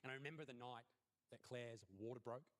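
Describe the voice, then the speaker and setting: A man's voice: medium pitch, steady tone, brisk, fairly bright tone. A man, telling a crude, profane stand-up story and acting out the scenes. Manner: brash, profane, acts out scenes. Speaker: stand-up comedian.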